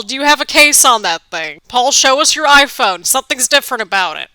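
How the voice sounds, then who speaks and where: A woman hosting a wrestling reaction video, chatting excitably with quick laughs while a bit stuffy from allergies. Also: sits high, clear, resonant tone, no echo. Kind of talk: casual live reaction commentary.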